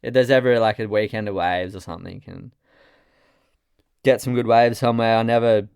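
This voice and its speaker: A man's voice: lowish voice, brisk, vocal fry, darkish tone, clean tone, no room sound, studio quality. An Australian man chatting casually as a podcast guest, a laid-back rambling storyteller who swears often. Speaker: podcast guest, surf photographer. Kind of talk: casual chat over a beer.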